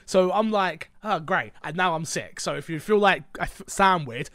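A fairly high-voiced man with a London accent chats loosely as a podcast host, wandering into jokey tangents. He sounds stuffy with a blocked nose and sore throat. The recording is close and dry. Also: normal speed, fairly bright tone, clear, resonant tone, dry recording. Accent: London English. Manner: rambling, joking, tangent-prone. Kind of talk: casual podcast chat.

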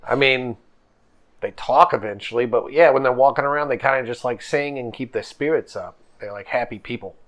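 A man's voice: mid-range voice, brisk, fairly bright tone, lightly acted. A man voicing a scatterbrained male professor in a tabletop game, rambling and stammering with hesitant fillers.

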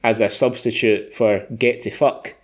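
A man's voice: mid-range voice, measured pace. A man co-hosting a podcast, chatting casually and telling stories with many restarts. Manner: rambling, many restarts, animated storytelling. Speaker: podcast co-host. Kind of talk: casual chat.

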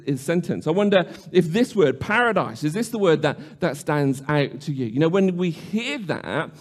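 A man preaching a sermon in a slightly higher-than-usual voice. He talks in an earnest, reflective way, often restarting his sentences and asking questions aloud. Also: lively intonation, moderate pace.

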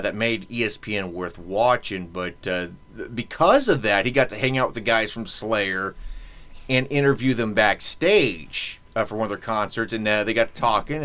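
A man's voice: lowish voice, a bit bright. A man hosting a podcast in casual chat, rambling and joking with many fillers. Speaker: podcast host.

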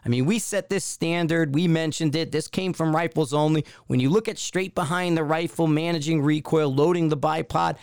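A man's voice: fairly high pitch, steady tone, moderate pace, few pauses, a little mellow, smooth, no echo, studio quality. Rambling man hosting a podcast. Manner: rambling, many fillers and restarts. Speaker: podcast host. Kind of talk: casual solo podcast chat.

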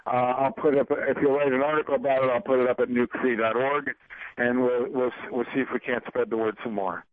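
Halting radio host on tinny audio. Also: male voice, medium pitch, steady tone, no room sound. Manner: halting, many ums and uhs, folksy. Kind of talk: casual radio interview. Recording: dry, tinny phone-like broadcast audio.

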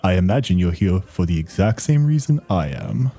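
A man's voice: low voice, very animated, moderate pace, mellow, faint music behind, full character voice. A man voicing a very tall, stern human warrior who speaks formally without contractions. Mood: stiff formal.

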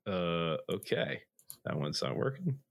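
Hoarse young guy hosting a podcast, low voice but super animated, rambles a lot, dry close mic. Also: measured pace, dry recording. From Philadelphia area. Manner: rambling, filler-heavy, joking. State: hoarse after illness. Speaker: podcast co-host. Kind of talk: casual chat.

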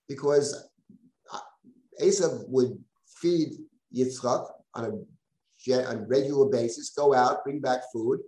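A man's voice: medium pitch, unhurried, dark tone, reverberant, poor audio. A man teaching a live text-study class as a rabbi, reading verses aloud and explaining them in a conversational way with self-deprecating asides.

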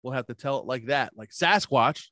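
A man telling stories in a casual chat, animated, swearing a lot and laughing often. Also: medium pitch, normal speed, no echo, clean studio sound. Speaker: podcast co-host.

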